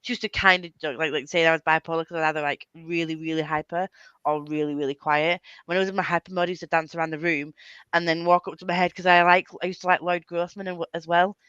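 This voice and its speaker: A woman's voice: on the low side, flat delivery, fast, fairly bright tone, clean tone, dry recording. A woman hosting a casual chat with friends, rambling and laughing often as she talks. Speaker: channel host. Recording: dull lo-fi sound.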